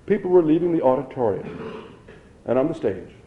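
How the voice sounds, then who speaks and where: A man narrating an audiobook in a steady, measured reading. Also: on the high side, a little hiss or hum. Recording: dull lo-fi recording.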